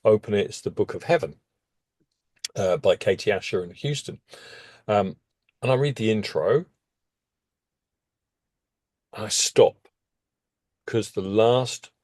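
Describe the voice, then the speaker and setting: A man recounting a story in relaxed conversation, his fairly low voice leaping up whenever he gets excited. The sound is close and dry, with no room around it. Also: no room sound. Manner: animated, with sudden jumps in pitch. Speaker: interview guest.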